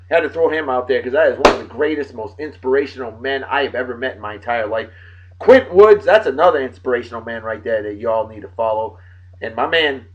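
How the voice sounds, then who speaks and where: A man hosting a casual vlog, giving loud shout-outs and stretching out names for emphasis. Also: mid-range voice. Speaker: vlog host. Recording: dull lo-fi sound.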